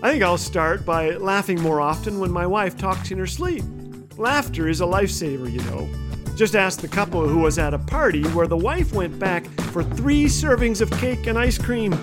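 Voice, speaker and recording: Lively high-voiced man telling jokes. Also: moderate pace, over music. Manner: animated joke-telling with voiced characters. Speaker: radio host. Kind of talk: humorous devotional radio talk.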